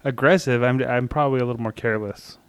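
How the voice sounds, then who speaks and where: A man's voice: mid-range voice, fairly even intonation, fast talker, clear, resonant tone, no room sound. A man in his forties with a Texan accent, a father co-hosting a casual podcast, joking at his own expense. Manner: joking, self-deprecating. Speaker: podcast co-host. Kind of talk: casual chat.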